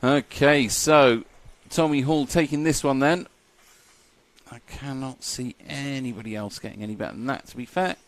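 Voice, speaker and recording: A man's voice: mid-range voice, moderate pace. A man giving live commentary at a model car race, chatty and joking, laughing often.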